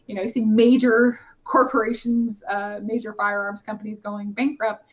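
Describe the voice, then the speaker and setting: A woman's voice: medium pitch, fairly even intonation, normal speed, few pauses. A woman, a competitive shooter, talking casually in a podcast interview, with many fillers and restarts. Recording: slightly dull lo-fi podcast audio.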